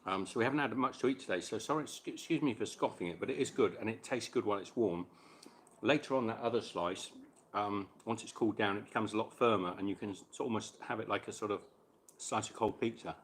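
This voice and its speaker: A man's voice: on the low side, quick pace, slight background noise. A man hosting a casual live stream chat while cooking, chatting between bites and answering viewers' questions.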